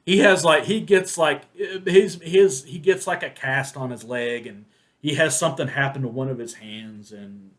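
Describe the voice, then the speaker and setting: A man's voice: medium pitch, normal speed, fairly bright tone. Regular guy rambling through a movie review, lots of uh and restarts, medium voice. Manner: rambling, many restarts and fillers. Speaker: film reviewer. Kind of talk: casual spoken movie review.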